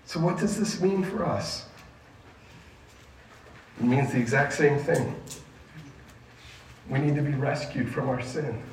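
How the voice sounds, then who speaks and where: A man preaching a sermon to a junior high group, emphatic and asking the listeners questions. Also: lively intonation, takes it slowly, pauses often, a little hiss or hum. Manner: emphatic, asks the audience questions. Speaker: youth pastor. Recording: echoey room, mic at a distance, faint ambience.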